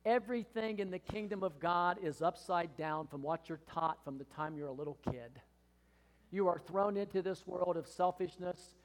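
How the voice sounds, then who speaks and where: A high-voiced older man in his sixties preaching with earnest, emphatic conviction. His voice carries a long hall reverb, and his sermon swells into impassioned pleas. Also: normal speed. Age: 60s. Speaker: pastor. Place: church hall.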